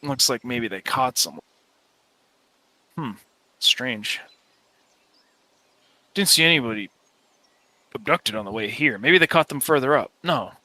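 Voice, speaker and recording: A man voicing a wary adult male woodsman companion who talks in a low-key, cautious way, thinking aloud. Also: lively intonation, a little slow, pauses often, sharp tone, no room sound.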